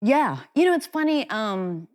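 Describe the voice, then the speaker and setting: A woman's voice: a little high, sing-song, measured pace, darkish tone. A woman speaking as an interview guest, telling personal stories in a frank, chatty, self-deprecating way. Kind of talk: candid conversational storytelling.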